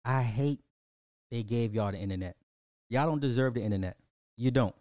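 A man's voice: medium pitch, brisk, darkish tone, no room sound. Profane ranting man, dry podcast. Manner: profane, mocking, scolding the listeners. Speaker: podcast host. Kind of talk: ranting social commentary.

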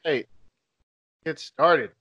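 A man's voice: a little high, takes it slowly, sharp tone, breathy edge, no echo. A man co-hosting a podcast, laid-back and casual with brief replies. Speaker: podcast co-host. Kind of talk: casual chat. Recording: dull dry lo-fi sound.

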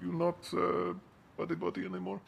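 A man's voice: high voice, completely flat delivery, brisk, creaky, highs cut off, a little hiss or hum. A man voicing a friendly building supervisor who speaks broken English and drops his articles. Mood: chatty.

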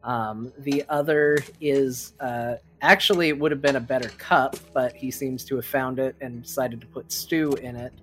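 A man narrates as game master of a tabletop role-playing game. He talks at a middle pitch and often pauses on ums and uhs while he describes the scene. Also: fairly even intonation, a bit bright, faint music behind. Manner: hesitant, filler-heavy narration.

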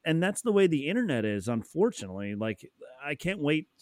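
A man's voice: a little high, very animated, a little fast, no echo. Man, casual chat, loose filler-heavy talk, dry close sound.

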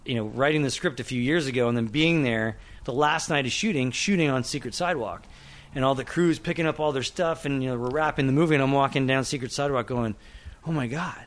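Middle-aged male screenwriter guest, from Oklahoma, animated and anecdotal, mid-pitched. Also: fast. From Oklahoma, USA. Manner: animated storyteller, acts out quotes, laughs often. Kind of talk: casual interview chat.

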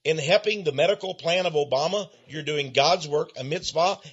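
A man's voice: fairly high pitch, husky, lo-fi sound. A man hosting a talk show, telling a story and asking his guest questions, with hesitant fillers. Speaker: host. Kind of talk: podcast interview talk.

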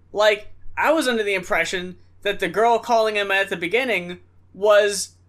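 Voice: medium pitch, fairly bright tone. Puzzled co-host thinking aloud. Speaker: music review co-host. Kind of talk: casual review chat.

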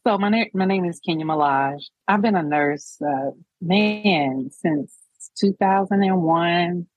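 A woman in her forties, a nurse guest on a podcast, telling her story in an animated, colloquial way. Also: on the low side, measured pace, dry recording, muffled recording. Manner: animated, colloquial, acts out quoted dialogue. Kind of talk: casual storytelling interview.

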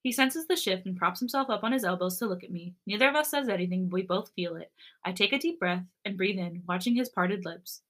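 A woman podcast co-host reading a romance story aloud in an expressive narration. Her voice is bright and clear, with a middle pitch. She breaks off for animated, giggly chat. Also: a little fast.

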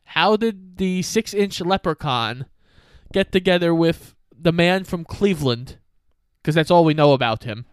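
Wry co-host with a smooth voice. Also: medium pitch, expressive, measured pace, dry recording. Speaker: podcast co-host. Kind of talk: casual movie recap chat.

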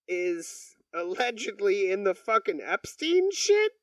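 Crude, joking podcast co-host. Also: male voice, high-pitched, sing-song, slow, hardly any pauses, no echo, recorded from a distance, rough recording. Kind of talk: casual chat.

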